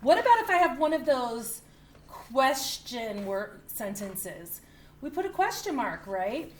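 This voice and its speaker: Woman teacher for a kids' lesson: high, slow, patient, repeats herself. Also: sing-song. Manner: slow, patient, repeats key points for children. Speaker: first grade teacher. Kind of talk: remote writing lesson for young children.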